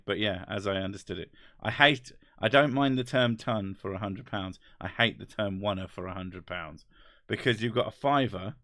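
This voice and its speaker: A low-voiced man with an English accent talks close to the mic in a dry room. He rambles through casual chat with a wry tone and drops swear words freely. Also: a bit bright, dry recording. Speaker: host. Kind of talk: casual chat reading comments.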